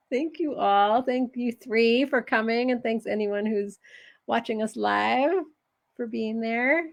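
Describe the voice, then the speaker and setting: A woman's voice: a little high, takes it slowly, creaky, long pauses. A woman hosting a live online conference info session, speaking in a friendly way and laughing easily. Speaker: conference organizer and host. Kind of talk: casual live-stream chat.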